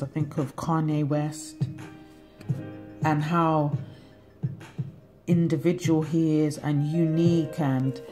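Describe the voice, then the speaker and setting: A woman's voice: low-pitched, mellow. A woman giving a casual tarot reading to her viewers, chatty and profane, laughing often. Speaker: tarot reader.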